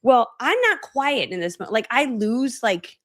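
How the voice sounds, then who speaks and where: Animated woman in her forties telling stories. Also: a little high, unhurried. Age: 40s. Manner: animated storytelling, acting out her own past reactions; self-deprecating, chatty, many fillers like "right?". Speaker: online course coach presenting a training event. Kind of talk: motivational training talk.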